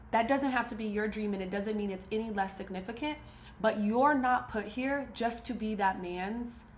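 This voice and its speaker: A woman's voice: on the high side, a little hiss or hum. A woman giving an emphatic, preachy motivational talk to camera, repeating her key phrases. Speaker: motivational speaker. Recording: roomy echo, faint ambience.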